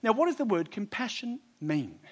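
A man preaching a sermon to a congregation, emphatic, moving between loud exhortation, quiet intensity and chatty storytelling asides. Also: high voice, very animated, moderate pace, slightly rough.

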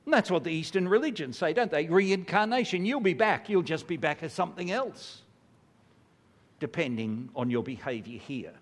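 A man's voice: fairly high pitch, expressive, normal speed. An older man preaching a sermon, earnest and building to emphatic rhetorical questions. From Australia. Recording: long hall reverb.

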